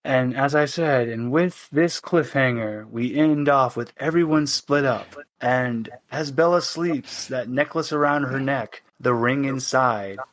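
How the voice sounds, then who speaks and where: A man's voice: medium pitch, unhurried, few pauses. A man narrating as the game master of a tabletop role-playing session, telling the story dramatically and playfully.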